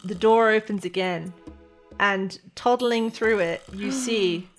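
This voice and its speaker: A woman's voice: mid-range voice, takes it slowly, faint music behind. A woman narrating a tabletop game as game master in a chatty, loose way full of fillers.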